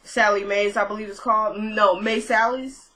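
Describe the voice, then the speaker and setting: In casual chat, a woman recaps a TV episode, chatty and filler-heavy, laughing at her own asides. Her medium-pitched voice is pushed and bright with fairly even intonation at normal speed, on a low-quality recording.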